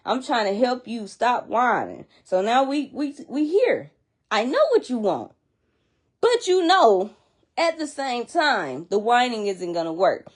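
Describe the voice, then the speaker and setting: A woman's voice: on the high side, sing-song, measured pace. Chatty woman explaining child behavior. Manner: chatty and emphatic, repeats and restarts while explaining; addresses listeners directly, checking in with "okay?" and "you know what I'm saying?". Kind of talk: casual explanatory talk to viewers.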